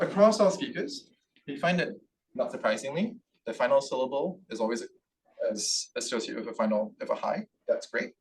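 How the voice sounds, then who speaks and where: Man giving an academic lecture, distant mic. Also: medium pitch. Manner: explains with frequent "right?" checks and "um" fillers. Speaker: linguistics researcher giving a seminar talk. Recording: distant mic in a room with faint background noise.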